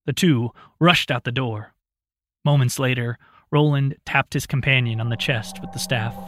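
A man narrating an audiobook in a calm, steady storytelling voice. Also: medium pitch, moderate pace, no echo.

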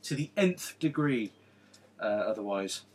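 A man co-hosting a casual gaming podcast, teasing and chatty, halting with fillers as he explains. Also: fairly low pitch, big pitch swings, breathy edge. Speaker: podcast co-host. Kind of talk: casual chat. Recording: faint background noise.

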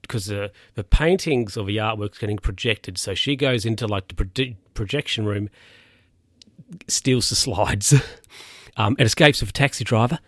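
A man's voice: lowish voice, moderate pace, no echo, studio quality. A man casually recapping a film's plot, rambling, with lots of fillers and self-corrections. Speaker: film recap host.

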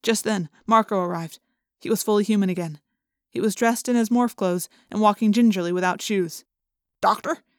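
A woman reading first-person narration for an audiobook in a steady, clear storytelling manner. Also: medium pitch, brisk, no room sound, clean studio sound.

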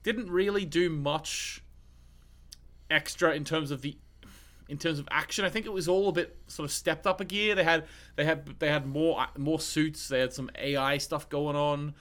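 A man's voice: on the high side, steady tone, moderate pace, fairly bright tone. A young man co-hosting a podcast, chatting casually about films with lots of restarts and fillers. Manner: rambling, many restarts and fillers. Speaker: podcast co-host. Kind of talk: casual film chat.

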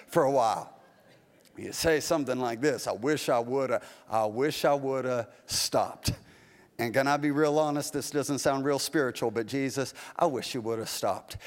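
Animated high-voiced male pastor preaching. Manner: folksy, animated preaching with acted-out asides. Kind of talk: sermon. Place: church sanctuary. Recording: long reverb of a large hall.

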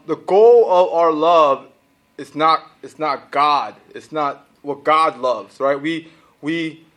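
A man preaching a sermon to a congregation, with a conversational style full of "right?" asides and quick laughs. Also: a little high, fairly bright tone. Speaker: pastor.

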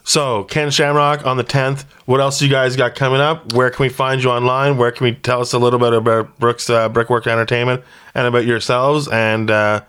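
A man's voice: mid-range voice, little pitch movement, normal speed, fairly bright tone, clean tone. A man hosting a casual interview, mostly giving short replies and asking the guests to plug their shows. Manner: brief encouraging interjections. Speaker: podcast host.

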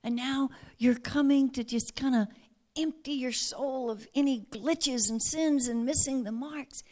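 A woman preaching a sermon earnestly, often dropping to a hushed near-whisper. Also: high voice, unhurried.

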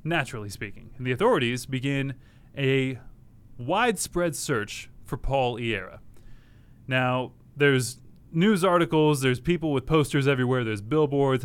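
A man's voice: medium pitch, expressive, normal speed, smooth. A man co-hosting a podcast, telling a story in casual, joking chat and laughing often. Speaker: podcast co-host.

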